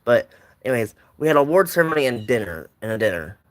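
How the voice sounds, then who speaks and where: A young man with a medium-pitched voice, big pitch swings, and a quick pace tells a personal story. He rambles casually, frequently restarting and going off on tangents.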